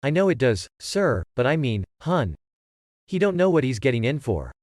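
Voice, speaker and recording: A man's voice: mid-range voice, big pitch swings, moderate pace, darkish tone, dry recording, lightly acted. A nervous male test subject who hesitates and pleads in plain, folksy words, as a man reading aloud voices him. The voice rises and falls freely. The recording is dry. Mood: uneasy, pleading. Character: anxious, reluctant middle-aged male test subject.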